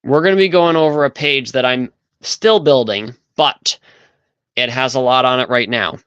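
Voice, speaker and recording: A man hosting a casual livestream, chatting loosely and thinking aloud as he goes. His mid-pitched voice sounds smooth and resonant, recorded dry and close with no room sound. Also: moderate pace, a bit bright, dry recording, muffled recording. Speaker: livestream host.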